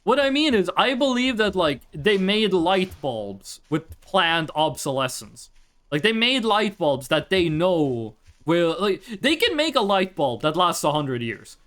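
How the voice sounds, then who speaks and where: A game streamer chatting casually during a live gameplay session, swearing freely and bursting into excited exclamations, recorded on a desk microphone at home. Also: mid-range voice, measured pace.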